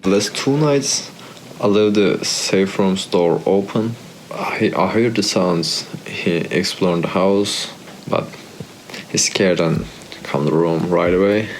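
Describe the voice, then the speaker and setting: Deep, slow-speaking man. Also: a little hiss or hum, rough recording. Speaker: cat owner asking for advice.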